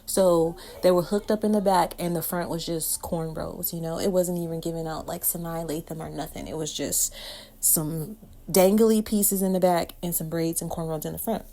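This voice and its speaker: A woman's voice: fairly low pitch, normal speed. A woman hair vlogger telling a casual storytime while she does her hair, acting out each quote with energy. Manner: animated storyteller who acts out every quote.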